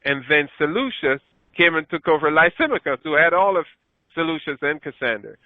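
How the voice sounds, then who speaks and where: A man's voice: lively intonation, fairly quick, dry recording. A man teaching a Bible lesson from slides, lifting his voice when he reads scripture aloud and stopping to correct himself. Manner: rises in pitch when reading scripture aloud, self-correcting. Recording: dry, phone-like narrow sound.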